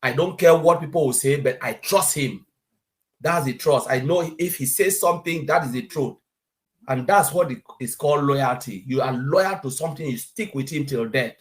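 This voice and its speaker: A man's voice: mid-range voice, moderate pace. A man speaking in a preachy way with rhetorical questions as a guest in an online panel discussion.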